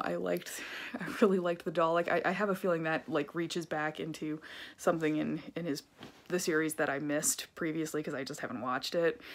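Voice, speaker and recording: Low-pitched woman vlogger, chatty and ranty, filler-heavy, casual delivery. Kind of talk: casual rambling review vlog.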